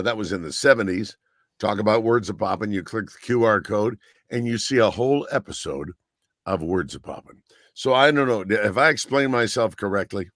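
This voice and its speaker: Older male radio guest, low voice, dry recording, chatty and rambling. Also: fairly bright tone, no room sound. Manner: rambling and eager, many fillers. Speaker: radio broadcaster and author guest. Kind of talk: casual interview chat.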